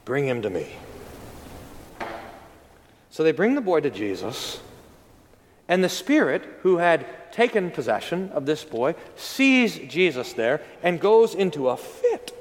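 A man preaching a sermon as pastor, telling the story with lively acted-out quotes. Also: fairly high pitch, takes it slowly, pauses often, in a large hall, a little hiss or hum. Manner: storytelling, acting out quoted voices.

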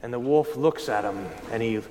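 A man's voice: mid-range voice, moderate pace, big-room sound, a little hiss or hum. Man preaching a storytelling sermon. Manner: animated storytelling, then earnest. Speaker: pastor. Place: church.

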